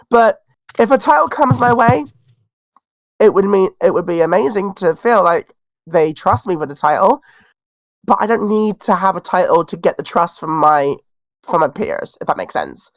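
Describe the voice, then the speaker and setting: A man's voice: high-pitched, expressive, a little slow, long pauses, no echo. A man with a cold, a wrestler guest talking in a casual podcast interview, sassy and outspoken. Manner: sassy, outspoken, self-assured. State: has a cold.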